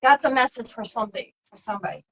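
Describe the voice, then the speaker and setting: Soft-spoken woman channeling on a livestream. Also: fairly high pitch, fast talker, muffled recording. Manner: soft, reflective, drifting between topics. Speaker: spiritual channeler broadcasting to viewers. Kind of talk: casual spiritual livestream talk.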